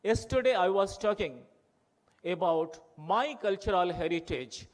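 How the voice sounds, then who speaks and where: A man's voice: high voice, expressive, measured pace. Impassioned Indian man at a conference. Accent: Indian English, Odia. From Odisha, India. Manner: rhetorical, repetitive, emphatic. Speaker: conference speaker. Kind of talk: impassioned public speech.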